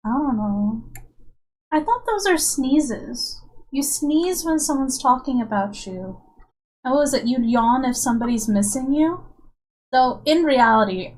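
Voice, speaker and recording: A woman's voice: fairly high pitch, darkish tone, rough recording. A woman streamer and comic artist in casual, rambling live-stream chat with her viewers, self-mocking and chatty.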